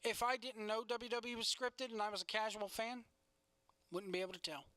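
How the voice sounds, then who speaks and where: A man's voice: high voice, fairly even intonation, brisk, sharp tone, no echo. A man co-hosting a casual podcast, ranting bluntly with plenty of swearing. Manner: blunt, profane, opinionated rants. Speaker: podcast co-host. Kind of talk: casual wrestling chat.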